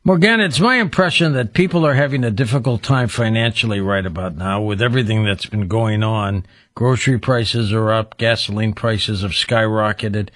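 A man's voice: fairly low pitch, normal speed, few pauses, a bit bright, no room sound, clean studio sound. A man hosting a radio talk show, friendly and complimentary, asking short, simple questions. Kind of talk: late-night radio interview.

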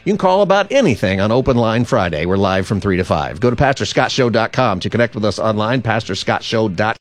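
A man's voice: fairly low pitch, animated, a little fast. A man hosting a live call-in radio show, jovial and telling jokes.

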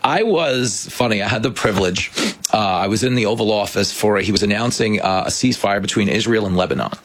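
A man hosting a casual political talk show, telling stories with animated energy and breaking into laughter. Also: fairly low pitch, brisk. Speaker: host.

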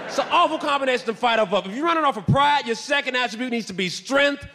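A man doing a stand-up comedy set on stage, animated and breaking into loud shouted bits. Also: extremely high pitch, fast, a little hiss or hum. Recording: reverberant hall with faint ambience.

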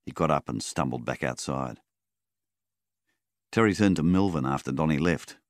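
A deep, gravelly male audiobook narrator reads scripted narration at normal speed with lively intonation. The recording is studio quality with no echo.

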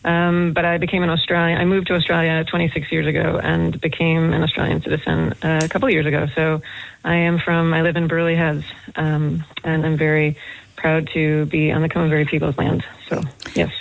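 A woman's voice: deep voice, a little fast, vocal fry, poor audio. A woman from Boston with an American accent, a guest professor chatting in a radio interview and telling stories with lots of fillers. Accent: American, Boston area. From Boston, United States. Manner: chatty, animated storyteller with many fillers.

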